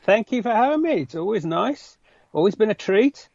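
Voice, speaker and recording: A man's voice: high-pitched, very animated, moderate pace, creaky, darkish tone, no room sound, muffled recording. A man with a West Midlands English accent, a podcast guest chatting casually in a self-deprecating way. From West Midlands, England. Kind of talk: casual chat.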